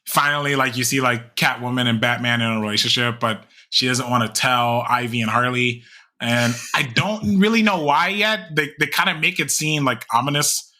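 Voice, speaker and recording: A man's voice: mid-range voice, normal speed, sharp tone. Chatty young man rambling between restarts. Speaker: podcast co-host. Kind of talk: casual chat.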